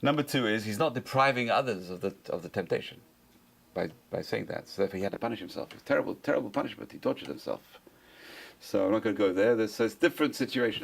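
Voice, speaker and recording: Gravelly rabbi giving a fast lecture. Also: male voice, on the low side, expressive. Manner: conversational, repeats phrases for emphasis, asks and answers his own questions. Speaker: rabbi teaching a class. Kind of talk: informal Torah lecture.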